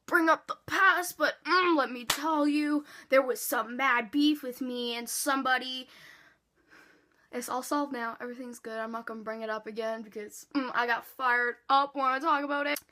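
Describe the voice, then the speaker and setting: A woman vlogger telling a storytime in an animated way, swearing freely and acting out quotes. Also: high voice. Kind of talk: storytime vlog.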